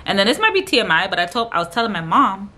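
A young woman vlogger tells a personal story to camera, talking fast and rambling casually, with lots of fillers and quoted dialogue. Her voice is medium-pitched and sharp, with big pitch swings.

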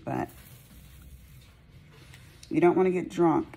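A woman's voice: fairly low pitch, slow, vocal fry, warm tone, husky. A woman chatting casually while she crafts, rambling and poking fun at herself. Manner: rambling, chatty, self-mocking. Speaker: craft vlogger.

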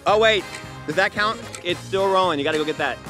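A man's voice: high-pitched, fast, over music. A man hosting a street game show outdoors on a boardwalk, talking in a playful, sassy, teasing way with lots of banter.

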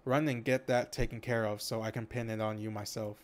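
A man's voice: lowish voice, flat delivery, brisk, close to an everyday voice. A man voicing a hearty, commanding noble lord, reading the game dialogue aloud formally. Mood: fatherly. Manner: read-aloud, formal, rallying.

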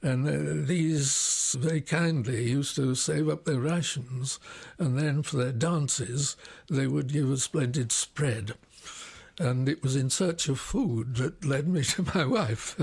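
A man in his nineties recalling his life in an unhurried interview, often pausing with "uh". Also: mid-range voice, vocal fry, slightly rough. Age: 90s. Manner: unhurried storytelling, frequent pauses with "uh". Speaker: interviewee, retired scientist and magician. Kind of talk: reminiscing interview.

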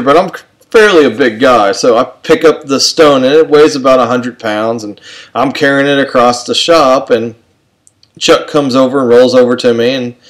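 A man's voice: medium pitch, low-quality recording. A man telling a personal anecdote to an audience in a rambling, self-mocking way, full of fillers and restarts. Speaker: storyteller.

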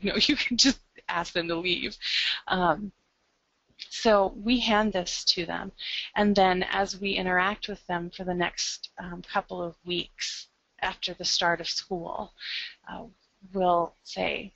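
A woman with an American Midwest accent speaks in a low, gravelly voice as she walks through a webinar presentation. Her delivery is upbeat and conversational, full of ums. The audio is dry and dull, like an online call. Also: flat delivery, measured pace, a bit bright, dry recording.

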